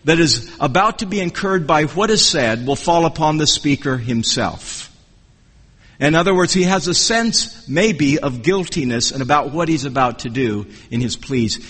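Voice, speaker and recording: A man with a notably high voice delivers an expository sermon, earnest and measured, circling back to restart his phrases as he teaches. His words ring out with a long reverb, as from a church sanctuary. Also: a bit bright. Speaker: preacher.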